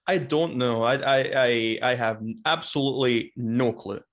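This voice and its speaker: A man, a guest on a casual podcast, talking with frequent stumbles and restarts. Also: mid-range voice. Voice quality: rapid talk with stumbles and restarts. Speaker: guest YouTuber.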